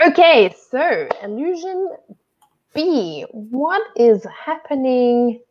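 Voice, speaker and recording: A woman's voice: high voice, sing-song, slow pace, slight background noise. Kiwi woman, live-lesson co-host, inquisitive and guiding; muffled lo-fi call audio. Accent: New Zealand. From New Zealand. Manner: curious, asks many questions, gently guiding. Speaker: English teacher co-hosting a livestream. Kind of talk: friendly live online lesson chat.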